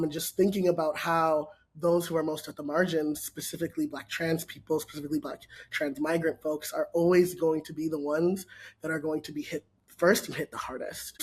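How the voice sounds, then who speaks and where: A man's voice: on the high side, level tone, moderate pace, slightly rough. A man from Minnesota speaking as a panelist and organizer, reflective and casual with frequent fillers.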